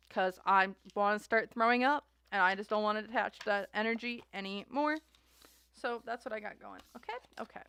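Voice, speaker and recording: A woman's voice: mid-range voice, normal speed, a bit bright, clean tone. A woman hosting a casual tarot reading chat, talking in a rambling, chatty way. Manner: chatty, rambling, voices others in mocking asides. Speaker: tarot reader host.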